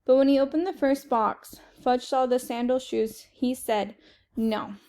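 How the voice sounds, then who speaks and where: Woman, children's chapter book reading, steady narration, mellow, higher pitch. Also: moderate pace. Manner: steady, plain first-person narration. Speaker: reader.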